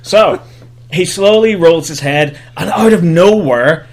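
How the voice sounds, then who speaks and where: A man's voice: on the high side, takes it slowly, a little mellow. A young man hosting a podcast, giving a sarcastic, profane comedic recap of a film and slipping into mock voices for the characters. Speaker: podcast host.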